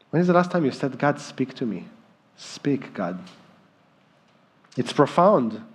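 A man in his thirties preaching a sermon as pastor, slow and emphatic in delivery. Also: medium pitch, darkish tone.

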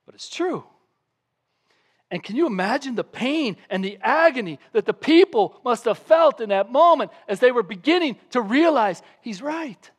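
A man's voice: very high voice, moderate pace. A man preaching a sermon from the pulpit in a church, telling a Bible story with lots of drama and acting out the voices of the people in it. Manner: animated preaching, acting out scenes with raised voice. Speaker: pastor.

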